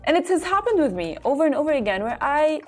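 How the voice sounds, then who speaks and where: A young woman co-hosting a casual talk show, talking in an animated, rambling way with frequent restarts. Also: sits high, quick pace, soft background music. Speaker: show co-host.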